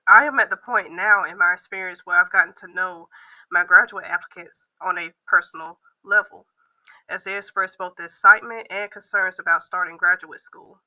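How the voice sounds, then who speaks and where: A woman who works as a university admissions processor, giving a prepared class video reflection with a hoarse voice. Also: on the low side, fairly even intonation, normal speed, sharp tone, poor audio. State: hoarse from losing her voice.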